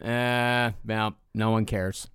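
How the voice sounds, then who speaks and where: A man's voice: lowish voice, steady tone, slow, a bit bright, smooth, no room sound. A man co-hosting a podcast, chatting casually, laid-back with dry one-liners. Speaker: podcast co-host. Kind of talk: casual gossip chat.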